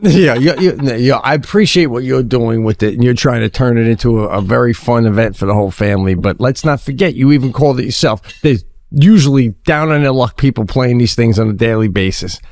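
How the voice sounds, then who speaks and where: A man's voice: medium pitch, fairly quick, hardly any pauses, darkish tone, dry recording. A man co-hosting a comedy podcast, teasing and sarcastic in casual banter. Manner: sarcastic, teasing, curses often. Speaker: podcast co-host.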